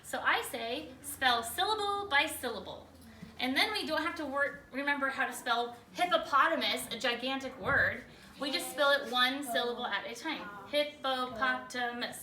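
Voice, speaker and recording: Bright, high-voiced woman teaching a classroom lesson. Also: moderate pace. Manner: energetic, checks in often with questions. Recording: echoey room, far from the mic.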